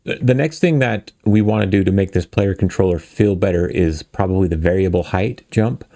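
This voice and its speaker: A man hosts a casual coding tutorial, talking the listener through each step in a chatty, self-deprecating way. His voice is low with a gravelly fry, mellow in tone, and it sits dry and close. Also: brisk, dry recording. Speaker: game dev tutorial host.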